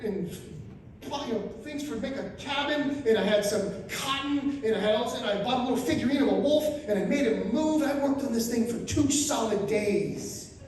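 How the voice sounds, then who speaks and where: A man in his fifties from Florida doing a stand-up comedy set, telling crude stories with loud animated outbursts. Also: very high voice, moderate pace, slight background noise. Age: 50s. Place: RV resort event room, live audience. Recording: very echoey room, voice from far off.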